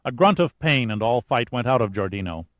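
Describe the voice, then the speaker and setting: A man reading a thriller audiobook in steady, measured scripted narration. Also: medium pitch, no room sound, lo-fi sound.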